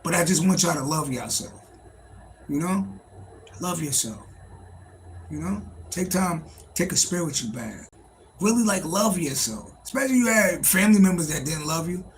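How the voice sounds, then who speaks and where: A man hosts a casual livestream, riffing and swearing freely as he answers his chat. His voice sits a little high and carries a gravelly fry. A faint room ambience hums behind him. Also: animated, moderate pace, a little hiss or hum, rough recording. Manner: loose, profane, joking, talks to chat. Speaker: livestream host, tarot reader.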